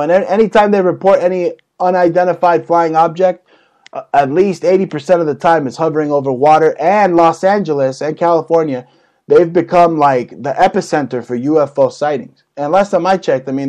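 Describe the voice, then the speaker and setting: A young man hosting a casual talk show, ranting crudely and jokingly with sudden loud outbursts. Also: a little high, low-quality recording. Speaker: host.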